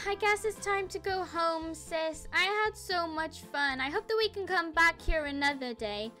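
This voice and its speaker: High, bright-voiced woman squealing through gameplay. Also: normal speed, few pauses, faint music behind. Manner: squealing, laughing, dramatic gasps. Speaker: gaming YouTuber. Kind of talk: excited roleplay gameplay commentary.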